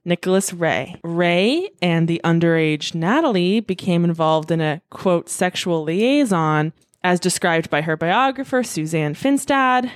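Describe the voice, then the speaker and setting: A woman's voice: on the low side, expressive, unhurried, no echo, clean studio sound. A woman hosting a podcast, telling a story in a chatty way, full of fillers and swearing freely. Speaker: podcast host. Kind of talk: casual storytelling.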